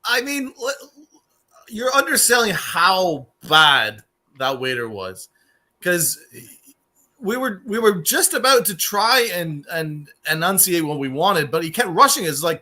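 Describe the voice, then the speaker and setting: Excitable high-voiced man, bright tone. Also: unhurried. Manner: excitable, laughing, profane. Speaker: podcast co-host. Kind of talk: casual sports podcast storytelling.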